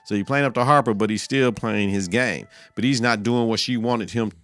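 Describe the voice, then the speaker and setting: A man's voice: fairly low pitch, a little fast, dry recording, soft background music. Profane man recapping an episode. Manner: profane, animated, acts out quotes in voices. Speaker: podcast host.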